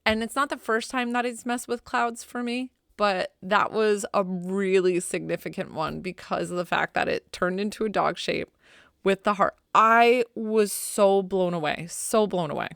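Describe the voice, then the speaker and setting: A middle-aged woman hosting a podcast as a pet psychic, telling stories in a chatty, animated, heartfelt way full of "like"s. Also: mid-range voice, normal speed, creaky, no echo, clean studio sound. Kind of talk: casual heartfelt storytelling.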